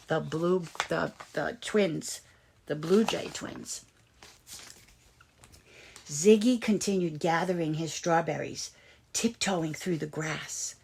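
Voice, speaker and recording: A woman reading a picture book aloud to children, pausing to explain words. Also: sits low, creaky, darkish tone, a little hiss or hum. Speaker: children's story reader.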